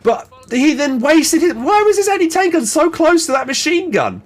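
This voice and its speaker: A man casting a strategy game match in excited play-by-play, exclaiming and swearing, with frequent restarts and fillers. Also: extremely high pitch, moderate pace, soft background music. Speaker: game caster.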